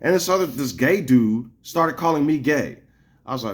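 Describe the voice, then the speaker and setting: A man's voice: on the high side, animated, normal speed. A man vlogging an angry, profane rant at his viewers, rambling and restarting his sentences as he goes. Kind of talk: casual ranting monologue to viewers.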